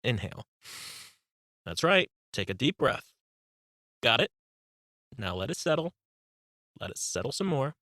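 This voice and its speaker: Male audiobook narrator, meditation guide, calm and instructive, bright voice, dry booth. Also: medium pitch, no room sound. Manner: calm, instructive, slow cues.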